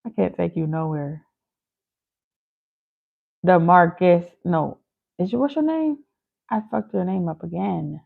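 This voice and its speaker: A woman's voice: lowish voice, sing-song, moderate pace, vocal fry, breathy edge. A woman chatting casually and teasingly with viewers on a live stream, laughing easily. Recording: phone-like lo-fi audio.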